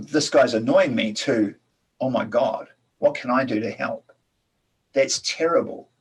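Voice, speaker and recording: A man hosting an online talk session from a room at home over a video call, chatty and relaxed, with many fillers and restarts. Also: mid-range voice, breathy edge, rough recording. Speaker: host of a TEDx salon. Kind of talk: casual talk introducing guests.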